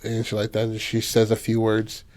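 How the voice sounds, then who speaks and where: A man's voice: lowish voice, completely flat delivery, normal speed, a little mellow. A man hosting a podcast, retelling a film in loose, slangy casual chat full of fillers. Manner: loose and slangy, heavy on fillers like "you know".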